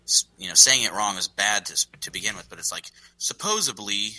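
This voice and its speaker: Man, podcast co-host, low voice, very bright tone, stammers, casual chat. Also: expressive, fairly quick, low-quality recording. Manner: hesitant, stammering. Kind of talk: casual banter.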